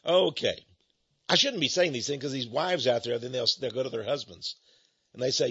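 A man hosts a radio show in a rambling, teasing, folksy way, often chuckling. His voice is gravelly and a bit husky. The studio sound is dry and slightly dull. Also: medium pitch, unhurried, pauses often, a bit bright, no room sound.

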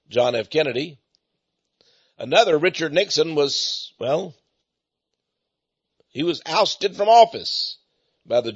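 A man's voice: fairly high pitch, husky, no echo. An older man with an East Texas accent, preaching in a folksy sermon style and often repeating his words. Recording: slightly dull lo-fi recording.

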